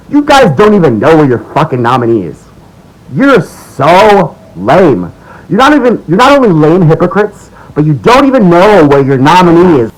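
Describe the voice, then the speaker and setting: A young American man rants through a political monologue in a voice that leaps from low, muttered asides to loud, mocking outbursts. His pitch swings widely, and his delivery is angry, sarcastic and full of swearing. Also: rough recording. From United States. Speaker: political commentator. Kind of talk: ranting video monologue.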